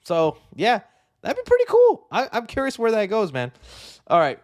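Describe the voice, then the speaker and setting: A man hosting a casual film chat, excited and rambling, with many fillers and restarts. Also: high-pitched, moderate pace. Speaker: film commentary host.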